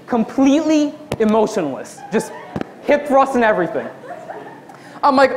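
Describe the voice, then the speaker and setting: A man's voice: very high voice, big pitch swings, moderate pace, long pauses, slight background noise. A young man performing a stand-up comedy routine, telling a long workplace story and acting out the people in it. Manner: storytelling, acts out quotes in his own voice.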